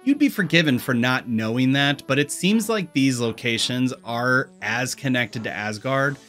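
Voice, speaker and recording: Brief: man, Missouri accent, scripted movie commentary, wry and sarcastic, soft music bed. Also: mid-range voice, expressive, normal speed. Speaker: YouTube film commentator. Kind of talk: scripted video-essay commentary.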